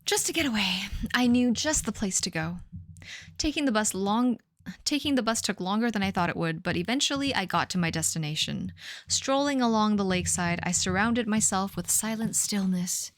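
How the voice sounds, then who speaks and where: Woman in her 30s, streamer reading aloud, self-mocking asides, mid pitch, dry close mic. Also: expressive, normal speed, no room sound. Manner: laughing at her own writing, mock-dramatic asides. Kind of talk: reading old fanfic aloud on a live stream.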